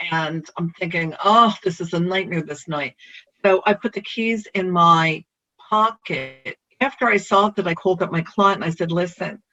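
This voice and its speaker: A realtor telling a personal story in an animated way, the pitch jumping up for emphasis. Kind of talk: personal anecdote. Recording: dull lo-fi recording.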